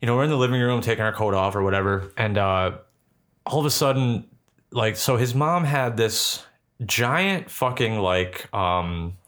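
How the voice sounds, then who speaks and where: A man's voice: fairly low pitch, lively intonation, moderate pace, a bit bright. A young man casually telling a ghost story, rambling and swearing with lots of filler words.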